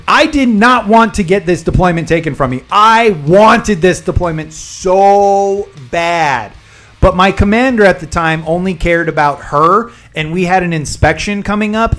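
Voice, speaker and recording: A man streaming live, chatting with viewers and rambling through a long personal story, pausing to explain terms. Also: sits high, a bit bright.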